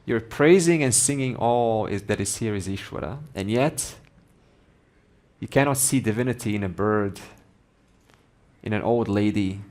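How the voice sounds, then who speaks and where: A man voicing a calm male guru who speaks directly and matter-of-factly. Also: lowish voice, a little slow, natural voice. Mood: blunt. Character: calm blunt male guru, a meat seller.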